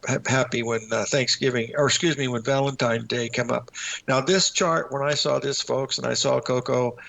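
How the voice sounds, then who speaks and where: A man's voice: medium pitch, creaky, a bit bright. An older man hosting a market show, giving folksy, rambling chart commentary and calling his viewers folks. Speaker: market analyst host. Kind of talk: casual chart commentary with a told joke.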